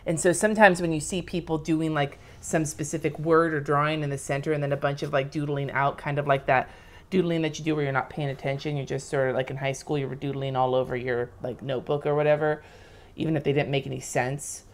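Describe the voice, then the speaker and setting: A low-voiced woman in her thirties talks quickly and flatly while teaching lettering on a live stream. Casual and chatty, she wanders from point to point as she draws and explains.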